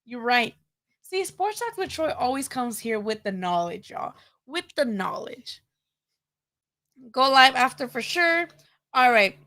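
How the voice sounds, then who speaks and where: A woman's voice: high-pitched, sing-song, measured pace, sharp tone. A woman with a Chicano English accent hosting a boxing live stream in casual chat, laughing often and saying "dude" a lot.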